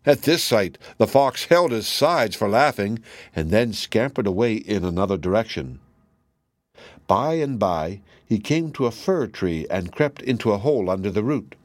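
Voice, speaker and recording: A man narrating a fairy tale in a steady, measured reading. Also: on the low side, no room sound. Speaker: storyteller.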